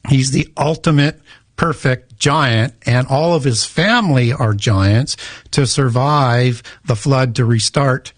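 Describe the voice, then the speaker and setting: A mid-range voice taking things slowly belongs to a guest author and researcher discussing ancient myths in an interview. He lectures, corrects the host, and frequently restarts, all with no echo.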